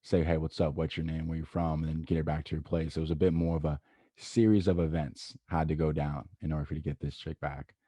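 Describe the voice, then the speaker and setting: A man's voice: a bass voice, level tone, fast, mellow, no echo. A man hosting a podcast, reacting in a laid-back, slangy way and repeating himself. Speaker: podcast host. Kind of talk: casual chat.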